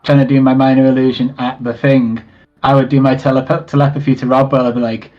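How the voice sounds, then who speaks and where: A man's voice: mid-range voice, level tone, a little fast, a little mellow. A man playing a tabletop game, rambling and saying like a lot. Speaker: player. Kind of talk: casual game chat. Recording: dull lo-fi sound.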